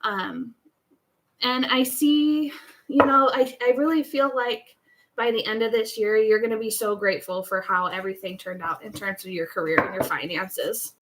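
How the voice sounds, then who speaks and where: A woman's voice: a little high, steady tone, normal speed, fairly bright tone, slight background noise, low-quality recording. A woman giving a live tarot reading in a casual, chatty way, often restarting her sentences. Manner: chatty, rambling, many restarts and laughs. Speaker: tarot reader.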